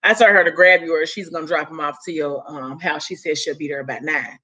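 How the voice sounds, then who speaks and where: Chatty woman retelling a story, bright voice. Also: deep voice, fairly even intonation, fairly quick. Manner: chatty, lots of "like" and "you know", acts out lines. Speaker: story recapper.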